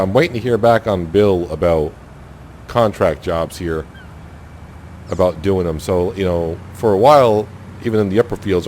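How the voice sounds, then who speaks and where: A man's voice: low voice, a little mellow, a little hiss or hum. A man casually commenting while playing a farming game, thinking aloud and rambling with lots of fillers. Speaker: gaming channel host. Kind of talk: casual let's-play commentary.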